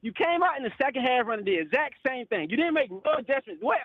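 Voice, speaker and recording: High-voiced man ranting on a call-in line. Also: very animated, fast talker, no echo, phone-quality sound. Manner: frustrated, profane, repeats "bro" and "literally". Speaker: caller. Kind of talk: heated call-in rant.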